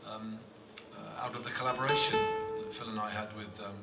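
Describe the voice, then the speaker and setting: A man performing on stage, telling halting, chuckling anecdotes between songs. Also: on the low side, steady tone, creaky. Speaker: performing musician. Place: live concert stage. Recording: echoey live hall from far off with music.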